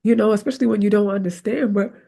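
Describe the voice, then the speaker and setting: A woman's voice: medium pitch, fast, creaky. A woman hosting a faith podcast, talking casually and animatedly, often checking in with "right?" and laughing easily. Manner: conversational, keeps asking "right?"; animated, acts out her own prayers aloud. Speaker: podcast host. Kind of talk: faith-based motivational talk.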